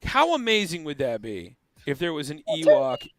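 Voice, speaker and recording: Animated high-voiced man, jokey guest. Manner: animated, jokey, acts out quick silly voices. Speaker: podcast guest. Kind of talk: casual chat.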